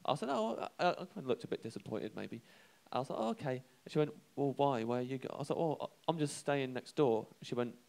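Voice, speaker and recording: A young man telling a comic anecdote on a live show, halting and self-deprecating, chuckling between lines. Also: medium pitch, animated, vocal fry, a little mellow. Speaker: comedian telling a story.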